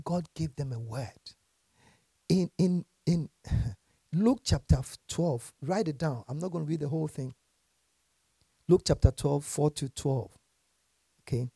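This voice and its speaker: A male pastor preaching with a gravelly, husky edge to his voice. His pitch leaps all over as he moves from soft asides to shouted calls, laughing along the way. The sound is close and dry, with no room around it. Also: dry recording. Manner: animated, laughing often, swinging from quiet to shouting. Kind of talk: lively sermon with scripture reading.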